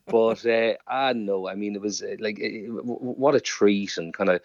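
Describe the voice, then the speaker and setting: A man in his forties speaks with a Waterford Irish accent, in a lowish voice that chuckles through his stories. He stumbles, repeats himself and jokes at his own expense. The recording is dry and a touch dull, like a lo-fi line. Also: moderate pace, few pauses, a little mellow, dry recording. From Ireland. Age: 40s. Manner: chatty and self-deprecating, laughs often, stumbles and repeats words. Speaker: actor and singer guest. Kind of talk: casual radio interview chat.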